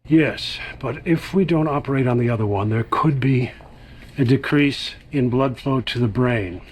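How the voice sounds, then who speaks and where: An actor playing a doctor who explains a risk in a measured, clinical way. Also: male voice, medium pitch, close to an everyday voice. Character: calm, clinical male doctor.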